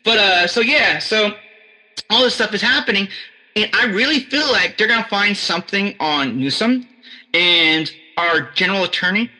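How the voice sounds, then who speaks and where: Rambling, profane man with a high, bright voice. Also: expressive, moderate pace, soft background music, rough recording. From United States. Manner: rambling and profane, many restarts. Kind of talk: casual chat.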